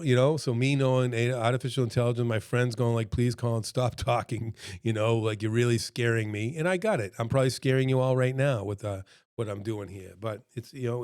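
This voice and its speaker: A middle-aged man who runs a restaurant consultancy talks casually to camera from a room at home, with a dog nearby. He's chatty and earnest, full of fillers and quoted voices. His mid-range voice has a darkish tone, recorded at studio quality with no echo.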